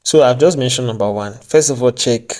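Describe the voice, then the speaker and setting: A man talks straight to his viewers in a relaxed advice vlog. His voice is mellow and warm, mid-pitched, and he keeps breaking into joking asides and laughing at himself. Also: a little fast. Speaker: vlogger.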